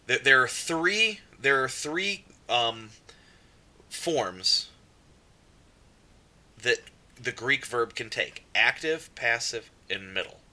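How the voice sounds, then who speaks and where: A man's voice: medium pitch, animated, slow pace, long pauses, sharp tone. A man teaching a grammar lesson, explaining verb forms step by step and asking his students questions as he goes. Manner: explanatory, asks students questions, repeats examples.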